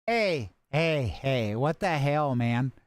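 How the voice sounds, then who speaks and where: A male streamer chats with his viewers while he plays, teasing and cursing in a loose, playful way. His voice swings widely between high and low. The sound is dry and close, with no room around it. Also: lively intonation, slow, no room sound. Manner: joking, swears often, talks to chat. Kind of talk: casual gaming stream chat.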